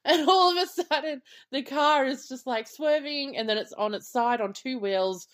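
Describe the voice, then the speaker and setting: A woman's voice: high voice, moderate pace, fairly bright tone. A woman co-hosting a podcast, giggling as she eagerly retells film scenes and swears casually. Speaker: podcast co-host. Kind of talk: casual chat reviewing films.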